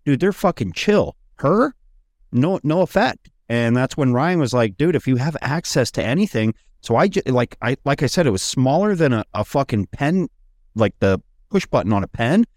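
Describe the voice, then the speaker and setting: A man's voice: mid-range voice, sing-song, moderate pace, darkish tone, no echo, studio quality. A man hosting a podcast, telling loose, profane stories in casual chat. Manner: rambling, profane storytelling. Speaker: podcast host.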